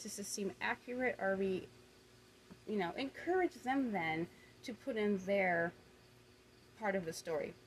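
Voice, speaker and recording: A woman's voice: mid-range voice, a little hiss or hum, poor audio. A woman explaining communication techniques from a book in a casual, conversational way, often correcting herself. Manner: conversational, self-correcting, frequent fillers. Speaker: presenter summarizing a communication book.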